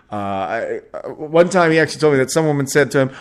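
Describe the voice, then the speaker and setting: A man's voice: mid-range voice, expressive, quick pace, hardly any pauses. Rambling profane man in his forties. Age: 40s. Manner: rambling, profane, frequent restarts and laughs. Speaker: podcast host. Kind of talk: casual solo podcast rant.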